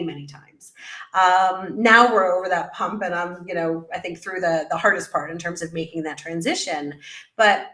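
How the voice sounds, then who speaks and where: A middle-aged woman, a business coach guest in an interview, telling her story in an animated way and acting out her own past remarks. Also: on the low side, reverberant. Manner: animated storyteller, quotes herself in lively voices. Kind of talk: conversational interview.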